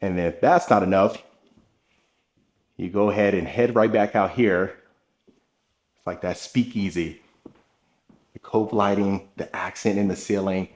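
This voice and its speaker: A man's voice: deep voice, fairly even intonation, measured pace, pauses often, a little mellow. Upbeat man narrating a house tour. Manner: upbeat, enthusiastic, addresses viewers directly. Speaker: home tour host. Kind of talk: narrated home tour vlog.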